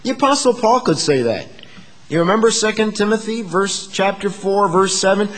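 A man preaching a sermon to his congregation, moving between hushed asides and emphatic, rising declarations. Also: high-pitched, animated, moderate pace, long reverb tail. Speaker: pastor.

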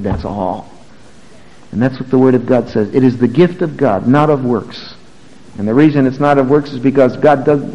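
Older preacher in a reverberant church. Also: male voice, medium pitch. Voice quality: preacherly, wide swings between soft asides and raised emphatic passages. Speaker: pastor. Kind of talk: sermon. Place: church sanctuary. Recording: muffled sound with long hall reverb.

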